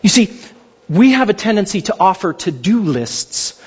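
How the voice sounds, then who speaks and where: An animated male pastor preaches with a high, lively voice that climbs and dips. His tone is slightly husky and the sound is dull, carried by the long echo of a large church hall. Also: normal speed. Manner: animated, jokey delivery with mock voices. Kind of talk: sermon.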